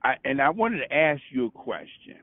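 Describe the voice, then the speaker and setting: A man's voice: medium pitch, big pitch swings, moderate pace, no echo. A man from Brooklyn, calling in to share a testimony, full of stammered restarts and "you know what I'm saying". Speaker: caller. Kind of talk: casual testimony on a call. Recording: dry tinny phone line.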